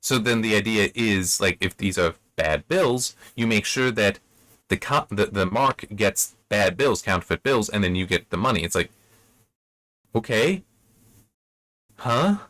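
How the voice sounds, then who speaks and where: A man's voice: lowish voice, normal speed, bright, forceful tone, no echo. Rambling man reviewing a book, dry sound. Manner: rambling, self-correcting, acts out quoted characters. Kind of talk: casual spoken book commentary.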